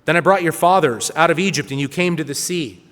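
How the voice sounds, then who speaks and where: A man's voice: on the high side, fast, fairly bright tone, big-room sound. A man giving a sermon, reading scripture aloud with earnest, rising emphasis. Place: church hall.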